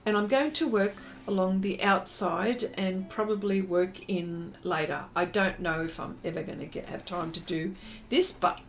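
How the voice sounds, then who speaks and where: A woman's voice: medium pitch, steady tone, normal speed, few pauses, slight background noise. Chatty woman streaming live. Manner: chatty and rambling, many fillers and restarts; greets viewers by name. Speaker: art livestream host. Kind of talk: casual livestream chat.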